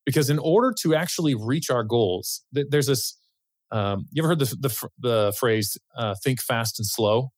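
A man's voice: medium pitch, normal speed, no echo. A man who is a financial planner, speaking as an interview guest, thoughtful and sometimes searching for words. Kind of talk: casual interview chat.

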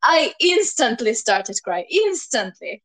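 A woman co-hosting a podcast in casual chat, emotional and quick to exclaim, quoting scenes she watched. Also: fairly high pitch, very animated, fairly bright tone. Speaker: podcast co-host.

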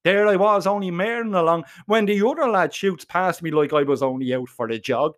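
High-voiced man spinning a yarn. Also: a little fast. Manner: profane, slangy, animated. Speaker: storyteller. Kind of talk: comic first-person storytelling.

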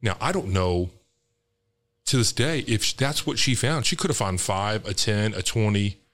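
Man, very low voice, podcast guest, candid emotional storytelling, casual swearing. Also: animated, normal speed, a bit bright. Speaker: real estate entrepreneur. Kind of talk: personal storytelling.

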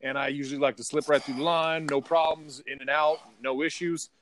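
A man's voice: on the high side, fairly even intonation, fairly quick, fairly bright tone. A man co-hosting a podcast, telling a heated, profane story in casual chat. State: partly deaf in left ear. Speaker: podcast co-host.

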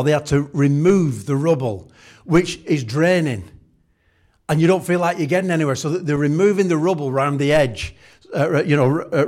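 A man's voice: a little high, darkish tone. A man preaching a humorous sermon, telling chatty everyday stories and acting out the scenes. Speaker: pastor.

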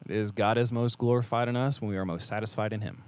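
Animated storytelling man, dry room. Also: on the low side, no echo. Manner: animated storyteller, acts out quoted voices, quick asides. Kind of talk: casual faith discussion.

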